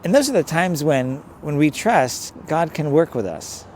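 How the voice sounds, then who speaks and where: A man's voice: a little high, sing-song, measured pace, a little mellow, slight background noise. A man, a priest and pastor, talking to listeners in a conversational, rambling reflection. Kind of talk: reflective sermon-style talk.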